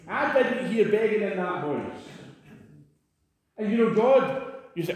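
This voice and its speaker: Male preacher, emphatic, high-pitched, echoey church, rousing sermon delivery. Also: expressive, unhurried, pauses often.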